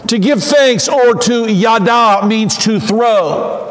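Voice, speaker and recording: A man with a high voice preaches an animated sermon and keeps building toward shouted exclamations. His words ring out with a long reverb, as if he is in a large, echoing church sanctuary. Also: slow. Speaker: pastor. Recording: echoey hall.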